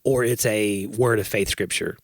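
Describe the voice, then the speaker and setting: A male podcast co-host chats casually, earnest and reflective, laughing easily. His voice sits on the low side with fairly even intonation at normal speed, recorded at studio quality with no echo.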